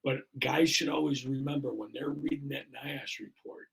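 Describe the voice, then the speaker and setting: A fire chief in his sixties, guesting on a podcast, tells a story earnestly and ramblingly, with many fillers. His medium-pitched voice is creaky and husky at normal speed, captured in a rough recording.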